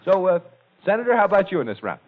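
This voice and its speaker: A man hosting a 1940s radio comedy panel show, brisk and jovial, chuckling as he moves the show along. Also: high voice, very animated. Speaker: quiz show host. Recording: tinny old radio broadcast with studio audience.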